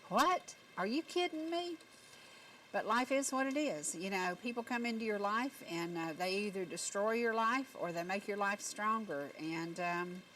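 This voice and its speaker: A woman's voice: fairly low pitch, slight background noise, low-quality recording. Folksy Appalachian woman talk show host. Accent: Southern Appalachian. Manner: folksy, warm storytelling with country phrasing. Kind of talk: homespun talk show monologue. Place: TV studio set.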